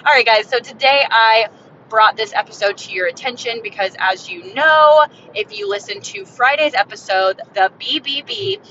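Excited woman podcasting from her car. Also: normal speed. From Florida. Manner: excited, upbeat, salesy. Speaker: podcast host. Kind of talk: casual solo podcast pitch. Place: in a moving car. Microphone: phone mic. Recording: dull phone recording with car rumble.

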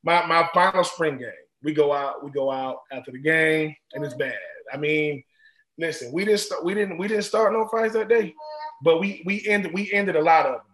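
Ex-football player guest, man, higher voice, loose animated storytelling, roomy echo. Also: moderate pace. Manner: animated, repeats and restarts phrases. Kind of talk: casual storytelling.

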